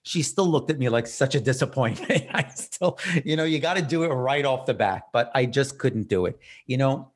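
Brief: male podcast host at an average pitch, casual, animated, self-mocking storyteller. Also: moderate pace, hardly any pauses.

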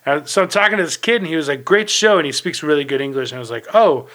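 Bright-voiced man telling a rambling story. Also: a little high, lively intonation, very fast. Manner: rambling, many fillers and restarts. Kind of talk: casual podcast storytelling.

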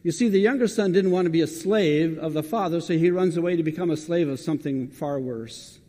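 A man's voice: a little high, fairly quick, dark tone, big-room sound. A man preaching a sermon, talking conversationally and putting questions straight to the congregation.

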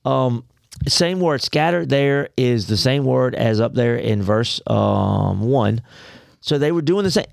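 A man's voice: mid-range voice, lively intonation, takes it slowly, vocal fry, dry recording, studio quality. A man co-hosting a faith podcast, talking in a folksy, conversational way with preachy asides. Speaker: podcast co-host. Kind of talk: casual faith podcast discussion.

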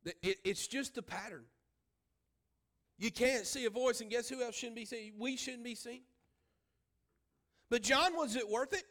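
A man's voice: extremely high pitch, measured pace, long pauses, a bit bright. A man preaching a sermon as pastor. He speaks emphatically, repeats his phrases and asks the congregation questions.

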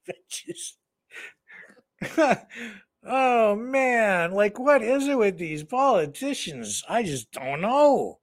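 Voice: medium pitch, big pitch swings, drawn-out words, pauses often, no echo, clean studio sound. A co-host of a livestream news show, rambling through joking satirical commentary with mock outrage and lots of fillers. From Canada.

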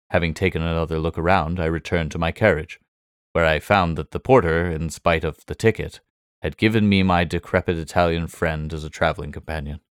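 A man narrating a classic detective story in a measured, formal storytelling manner. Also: low voice, clean tone, no echo, clean studio sound. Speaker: audiobook narrator.

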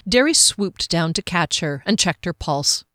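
A woman narrating a fantasy novel in a measured, expressive storytelling voice on a close mic. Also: on the low side, no room sound. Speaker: audiobook narrator.

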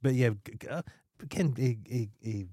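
A man's voice: mid-range voice, dark tone, no room sound, studio quality. A man co-hosting a podcast, talking in a casual, sweary, ranting way and cutting in often. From Scotland. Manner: sweary, ranting, quick to interrupt. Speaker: podcast co-host. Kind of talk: casual chat.

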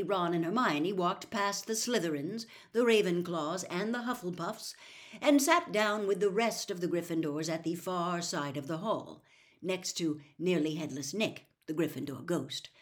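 Lively expressive woman reading a story. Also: fairly low pitch. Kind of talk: audiobook reading.

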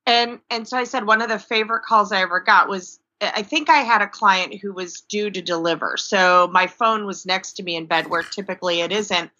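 A woman dog trainer in casual conversation, telling stories in a lively way and acting out what people said. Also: medium pitch, fairly quick, few pauses, dull audio. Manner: lively storyteller who acts out quotes.

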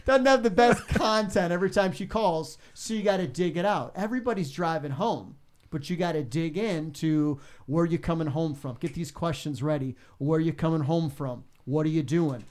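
A man who works as a radio DJ, telling stories in a casual interview and acting out callers with big jumps in his voice. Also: moderate pace. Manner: animated, acts out callers with big pitch jumps.

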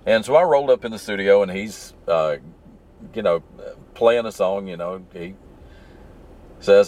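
A man's voice: on the low side, measured pace, long pauses, a little mellow. A man with a mild Southern accent, hosting a podcast and telling stories in an easygoing, rambling way from his truck in traffic. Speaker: podcast host. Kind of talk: casual solo storytelling while driving.

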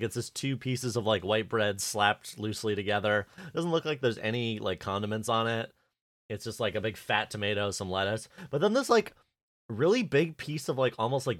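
A man's voice: fairly low pitch, a bit bright, no room sound. A young man rambling through casual podcast talk, full of "like" and little laughs. His voice sits close and dry, with no room around it. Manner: rambling, lots of "like", quick laughs. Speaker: podcast co-host. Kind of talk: casual chat.

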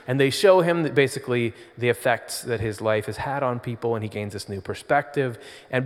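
A man giving an informal sermon, talking in a conversational, pausing storytelling way, with long hall reverb. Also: mid-range voice. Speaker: spiritual speaker.

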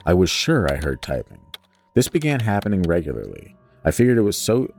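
A man's voice: low voice, a little mellow. A young man co-hosting a podcast, reading a listener's ghost story aloud and breaking off to joke and swear casually.

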